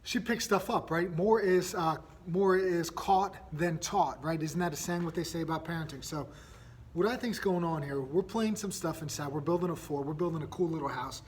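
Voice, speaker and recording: A man in his thirties hosting a solo parenting podcast, telling stories in a casual, energetic way and often checking in with "right?". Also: on the high side, moderate pace, slightly rough. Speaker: podcast host.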